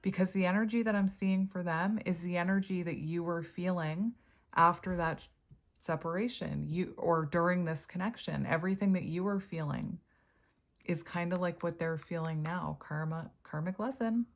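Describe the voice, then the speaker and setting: A woman with a somewhat low voice gives a casual tarot reading straight to her viewers. She chats freely, thinks out loud and laughs often as she turns the cards. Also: normal speed. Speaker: tarot reader.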